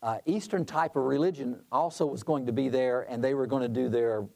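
A man's voice: mid-range voice, fairly quick, gravelly, warm tone. Man telling a leadership story. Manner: conversational, with frequent restarts and asides. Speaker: conference president speaking on leadership.

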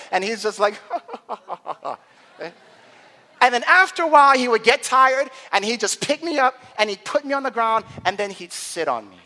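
A man preaching a sermon with dramatic swings from quiet murmurs to loud climaxes. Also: extremely high pitch. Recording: long hall reverb.

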